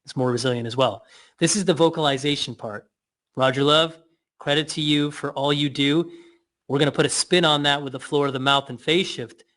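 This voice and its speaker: A man leading a guided breathing and mouth exercise, giving slow cues with playful asides. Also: a little high, fairly bright tone.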